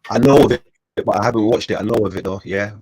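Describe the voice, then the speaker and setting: A young man chatting casually, excitable and quick to laugh. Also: lowish voice, a little hiss or hum. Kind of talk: casual chat.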